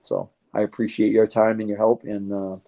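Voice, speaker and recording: A man's voice: fairly low pitch, little pitch movement, normal speed, vocal fry, dark tone. A man, a fighter being interviewed, talking in a rambling, heartfelt way and swearing casually.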